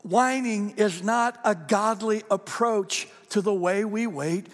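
A male pastor preaching a sermon in an animated, conversational way, asking the congregation questions. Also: high-pitched, slow pace, big-room sound. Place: church.

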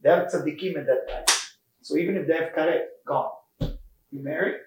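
A rabbi teaches an informal Torah class, telling stories with animated energy in non-native, broken English sprinkled with Hebrew terms. His slightly high voice moves fairly quickly. The room is echoey, and there's background noise.

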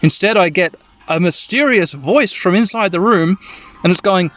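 A man narrating a video game at a gentle bedtime pace, rambling and making wry asides. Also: high-pitched, moderate pace, soft background music. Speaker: let's play narrator.

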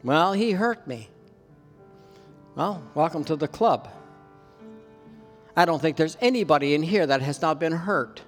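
Faint music sits behind a Canadian pastor as he preaches in a reverberant church hall with long reverb. His somewhat high voice moves at a moderate pace, pausing often. He tells a personal story earnestly and rises in volume to emphasize.

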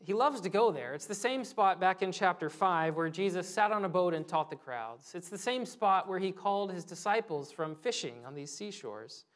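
A preacher in their thirties giving a conversational sermon, telling stories, laughing easily and pausing for quiet reflective asides. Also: mid-range voice, animated. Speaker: pastor.

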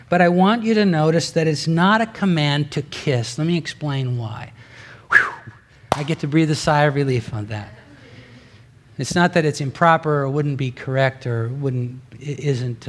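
A man preaching a sermon in an earnest, conversational way, rising in force for emphasis. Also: on the high side. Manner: conversational with asides and restarts. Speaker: pastor.

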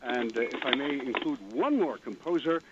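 Brief: male radio caller, precise and hesitant, dull phone line with clear noise and clicks. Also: mid-range voice, lively intonation, normal speed. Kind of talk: phone-in call.

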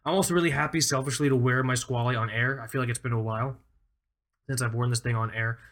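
A man's voice: mid-range voice, fairly even intonation, fast talker, fairly bright tone. A man in his thirties co-hosting a casual podcast, rambling enthusiastically with lots of fillers. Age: 30s. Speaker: podcast co-host.

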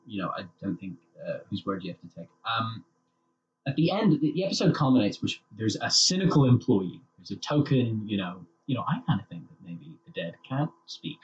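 A man co-hosting a casual comedic podcast, ranting in an animated, sweary way as he reviews a show. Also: mid-range voice. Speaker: podcast co-host. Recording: slightly dull with faint noise.

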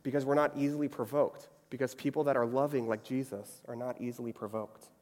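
A man's voice: medium pitch, fairly even intonation, brisk, darkish tone. A young adult man giving a conversational sermon, chatty and often checking in with the audience. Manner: chatty, frequently asks "right?". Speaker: preacher. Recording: long reverb of a hall.

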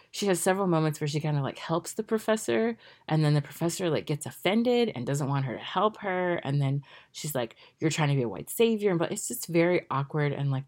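A woman with a notably low-pitched voice talks through a TV series in a casual spoken review. She fills her sentences with fillers and restarts. She drops exasperated, sarcastic asides along the way. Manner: chatty, critical, lots of fillers and restarts. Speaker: pop culture commentator.

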